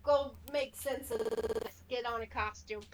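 A woman voicing a bossy male goblin who directs a stage play, giving brisk orders. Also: a little high, steady tone, creaky, a little hiss or hum. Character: fussy theatre director goblin man, bossy.

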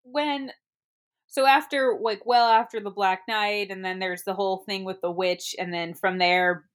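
A woman's voice: medium pitch, steady tone, measured pace. A woman in casual chat as a podcast co-host, rambling and giggly with many restarts.

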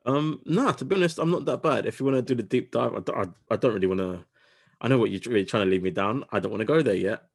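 A man hosting a casual sports podcast, talking quickly and correcting himself as he goes. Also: mid-range voice, creaky, slightly rough. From United Kingdom. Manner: quick, self-correcting, talks over himself. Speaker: podcast host.

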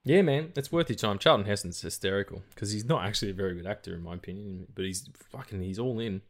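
A man's voice: fairly low pitch, quick pace. A man co-hosting a film podcast, chatting casually and rambling about movies with many restarts and some swearing. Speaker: podcast co-host.

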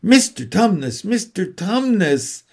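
A man's voice: fairly high pitch, very animated, a little slow, darkish tone, full character voice. A man putting on Lucy, an earnest young girl. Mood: pleading. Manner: pleading, earnest.

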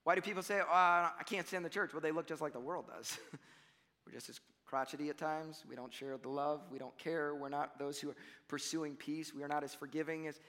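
A young man preaching from the front of a church, his voice high and bright. He talks casually to the congregation, then punches key lines loudly before dropping to near-quiet asides. The sound carries a long hall reverb. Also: a little fast. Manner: animated, conversational preaching with shifts between loud emphasis and quiet asides. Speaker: pastor. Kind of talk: sermon.

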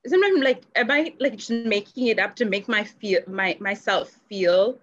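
A woman's voice: mid-range voice, moderate pace, a bit bright, soft background music. Woman guest, rambling and laugh-prone, home audio with a dull muffled sound. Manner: rambling, laughs often, many fillers. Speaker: podcast guest. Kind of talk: candid conversational interview.

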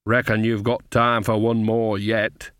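A man's voice: on the low side, level tone, unhurried, a bit bright, clear, resonant tone, no room sound, clean studio sound. Nanny Ogg, a man doing a hearty old witch. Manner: hearty and coaxing. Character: jolly, bawdy old woman witch.

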